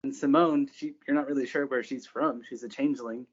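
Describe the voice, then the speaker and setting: A man's voice: medium pitch, fairly quick. Man narrating as a tabletop game master. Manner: relaxed storyteller, voices characters in quotes. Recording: slightly dull lo-fi podcast audio.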